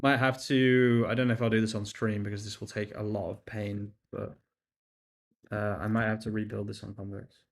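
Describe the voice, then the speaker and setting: A man's voice: lowish voice, flat delivery, normal speed, gravelly. A young man chatting casually on a live stream while coding, reading chat aloud, laughing and swearing now and then. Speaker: livestream host.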